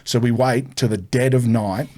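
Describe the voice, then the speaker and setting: A man's voice: medium pitch, normal speed. A young man telling a story as a podcast guest, swearing freely and acting out the people in it. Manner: animated, swearing, acts out the people in his story. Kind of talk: casual storytelling.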